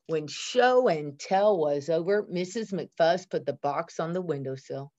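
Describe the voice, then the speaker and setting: A woman teacher reading a picture book aloud to her students, expressive and adding chatty asides to the class. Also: low voice, a little slow. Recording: dull lo-fi recording.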